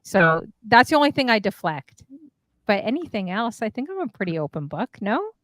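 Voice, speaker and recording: A woman's voice: medium pitch, big pitch swings, normal speed, fairly bright tone, dry recording. Chatty woman on a dry home mic. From Canada. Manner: chatty, laughing, acts out quotes with playful voices. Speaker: panel guest streamer. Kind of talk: casual panel chat on a livestream.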